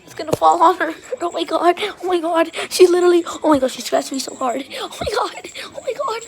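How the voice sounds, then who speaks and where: A woman chatting excitedly while filming her playful puppies, often gasping and exclaiming. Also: very high voice, a little fast, vocal fry, hardly any pauses. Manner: excitable, shrieks and gasps, keeps exclaiming. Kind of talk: casual excited commentary.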